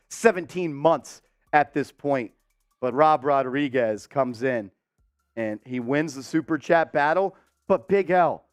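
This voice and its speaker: A man hosting a casual live-stream sports show, talking warmly and giving viewers shout-outs. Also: medium pitch, no room sound, clean studio sound.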